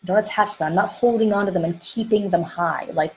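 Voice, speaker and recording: Animated woman coaching on emotions. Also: medium pitch, a little fast, few pauses, a little hiss or hum, low-quality recording. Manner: animated, acts out inner voices, frequent fillers. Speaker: dating coach. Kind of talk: podcast-style teaching monologue. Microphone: close microphone she bumps while gesturing.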